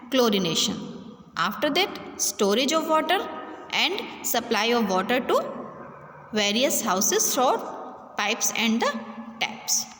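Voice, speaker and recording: A woman teacher with an Indian English accent giving a class lecture, halting and repeating herself as she explains. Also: on the high side, fairly bright tone, slight background noise. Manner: halting, restarts and repeats words while explaining. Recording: roomy echo with long reverb, faint ambience.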